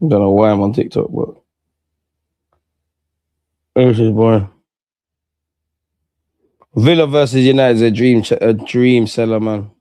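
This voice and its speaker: A man's voice: lowish voice, measured pace, pauses often, mellow, no room sound. A young man, chatting slangily and sounding bored through live football commentary. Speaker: football watchalong streamer. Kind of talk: casual live match commentary.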